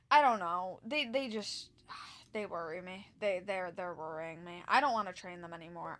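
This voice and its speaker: A woman's voice: mid-range voice, fairly bright tone. A young woman streaming a game and telling a rambling, exasperated story about work, full of restarts and fillers. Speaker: live streamer. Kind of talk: casual storytelling while gaming.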